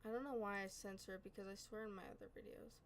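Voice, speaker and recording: A woman's voice: medium pitch, steady tone, quick pace, slight background noise, rough recording. A woman hosting a reaction video, chatting casually and often apologizing and correcting herself as she reads on-screen text aloud. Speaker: reaction channel host.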